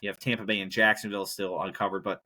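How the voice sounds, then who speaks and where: A man's voice: lowish voice, level tone, quick pace, pushed and bright. A man hosting a solo podcast, rambling casually and breaking into profane rants. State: injured knee, hobbling. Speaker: podcast host.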